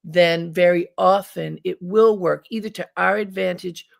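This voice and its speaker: A woman's voice: lowish voice, steady tone, measured pace, vocal fry. A woman hosting a radio interview show, speaking emphatically and encouragingly to her guest.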